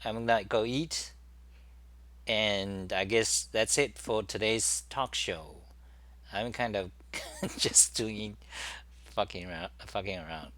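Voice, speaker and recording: A man's voice: on the low side, takes it slowly, pauses often, a bit bright. A man hosting his own talk show in a casual, rambling monologue, full of fillers and restarts.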